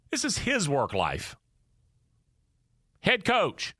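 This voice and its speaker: A man's voice: high voice, huge pitch swings, slow, long pauses, bright, forceful tone, dry recording, studio quality. A man hosting a sports talk show, ranting emphatically and repeating his points. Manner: emphatic, preachy repetition. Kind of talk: animated opinion rant.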